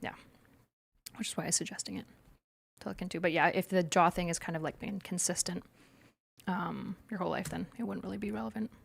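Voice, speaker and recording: A woman's voice: fairly low pitch, fairly even intonation, brisk, creaky, long pauses, husky. A young woman co-hosting a casual livestream chat, explaining clinical terms in a chatty way with plenty of fillers. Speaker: co-host.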